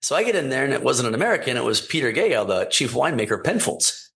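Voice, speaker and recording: Male podcast guest, mid-pitched voice, animated storyteller who voices the people in his anecdotes. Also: fast talker, gravelly. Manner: animated anecdote-telling, acting out quoted dialogue. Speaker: wine importer and company founder, podcast guest. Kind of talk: casual storytelling interview.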